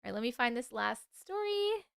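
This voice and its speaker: A woman's voice: fairly high pitch, big pitch swings, normal speed, vocal fry, clear, resonant tone, dry recording, clean studio sound. A woman hosting a late-night livestream, chatting sleepily with her viewers, swearing and yawning as she reacts to their stories. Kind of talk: casual livestream chat.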